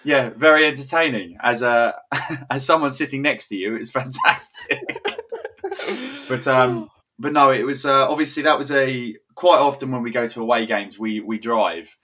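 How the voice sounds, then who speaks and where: A man's voice: mid-range voice, moderate pace, pushed and bright. A young man co-hosting a casual podcast chat, rambling and chuckling as he tells stories, with frequent restarts. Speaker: podcast co-host.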